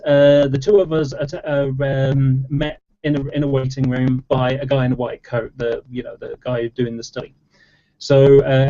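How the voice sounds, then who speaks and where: Dull, lo-fi audio captures a man with a dark, mid-range voice debating in an online chat. He goes on at length in a casual, rambling way, stumbling through fillers and restarts.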